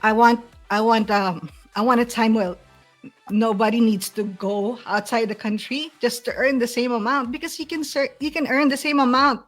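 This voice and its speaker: A woman's voice: a little high, fairly even intonation, moderate pace, faint music behind. Earnest Filipino woman, emotional guest. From Philippines. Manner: earnest and emotional, with frequent restarts. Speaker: guest, agency owner. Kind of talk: heartfelt interview talk.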